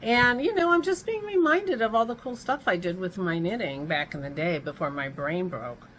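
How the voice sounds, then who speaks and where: This vlog host has a fairly low, expressive voice with a fairly bright tone and moderate pace. She chats loosely at home, drifting off topic and interrupting her own thoughts between hiccups, on a low-quality recording with slight background noise.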